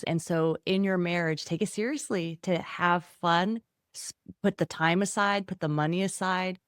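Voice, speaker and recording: Woman, middle-aged, author guest, lowish voice, dry close sound, animated storytelling. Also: dry recording. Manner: animated, acts out quoted voices. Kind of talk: podcast interview.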